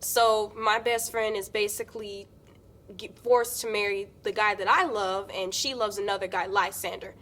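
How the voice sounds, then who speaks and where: A woman's voice: medium pitch, fairly even intonation, normal speed, a bit bright. Young woman student, casual talk. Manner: casual, informal phrasing. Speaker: student actor. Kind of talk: casual explanation.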